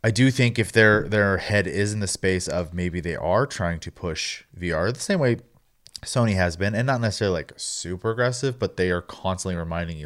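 Deep-voiced easygoing man co-hosting. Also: a little fast, fairly bright tone. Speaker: podcast co-host. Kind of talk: casual chat.

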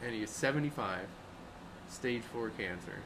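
A man's voice: medium pitch, moderate pace. A young man, a river rafting guide, telling stories in casual chat and acting out the people he quotes. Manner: animated, acts out quoted people with raised voice. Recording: noisy background hum.

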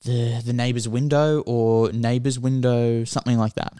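A man's voice: medium pitch, flat delivery, moderate pace, warm tone, clean tone, no echo, clean studio sound. A man co-hosting a podcast, telling a film's story in a casual, rambling way with lots of filler words. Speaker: podcast co-host. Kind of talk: casual film chat.

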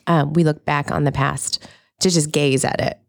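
A woman's voice: low voice, steady tone, normal speed, gravelly, no echo. A woman in her thirties co-hosting a podcast in casual, enthusiastic chat, laughing often. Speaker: podcast co-host.

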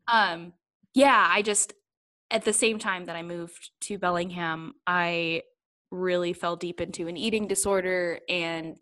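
A woman's voice: on the low side, unhurried, fairly bright tone. A young adult woman talking candidly in a casual interview, laughing often and rambling a little as she thinks aloud. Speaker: guest. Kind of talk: casual conversation.

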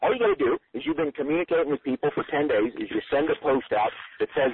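A man giving an energetic, emphatic marketing coaching lecture that swings his pitch up and down for effect. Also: fast talker, creaky, hardly any pauses, husky, dry recording. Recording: phone-line audio.

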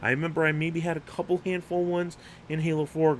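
A man's voice: a little high, flat delivery, brisk, a little hiss or hum. A young man hosting an unscripted solo podcast, rambling and getting hyped, swearing freely and stumbling over restarts. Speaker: podcast host.

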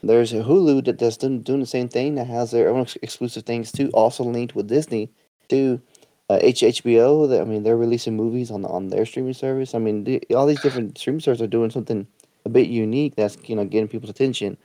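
A man with a mellow, warm voice talks haltingly, restarting his sentences, with a dry sarcastic streak. The sound is close and dry. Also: medium pitch, steady tone, no echo. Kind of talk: casual chat.

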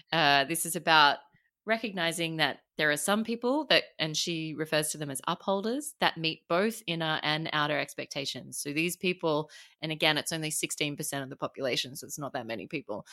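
Low-voiced Australian woman coach, laughing often. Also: sharp tone. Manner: chatty, laughs often while explaining. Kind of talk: casual podcast chat.

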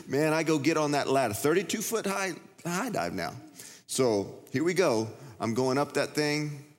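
A man's voice: a little high, animated, normal speed. A middle-aged man preaching a sermon as a pastor, telling stories and acting out the voices in them. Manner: storytelling, acts out voices and shouts. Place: large church. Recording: reverberant church hall.

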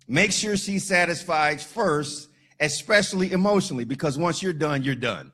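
A man preaching a sermon as pastor, animated and joking with the congregation, shouting at times for emphasis. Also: a little high, moderate pace, few pauses.

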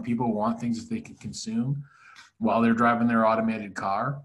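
A man's voice: fairly low pitch, little pitch movement, normal speed. Playful joking man podcast co-host. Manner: playful, joking, swings between loud and quiet. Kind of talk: casual business podcast chat.

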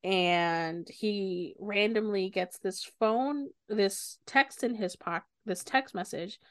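A young woman co-hosting a podcast, retelling a book's plot in lively casual talk and swearing often. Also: mid-range voice, slow pace, dry recording. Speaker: podcast co-host. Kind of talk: casual book discussion.

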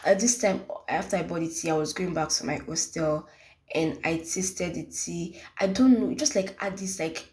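Young Nigerian woman, lowish voice, solo podcast host, rambling casual chat with lots of "like". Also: moderate pace, darkish tone. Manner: rambling, repeats herself, many "like" fillers.

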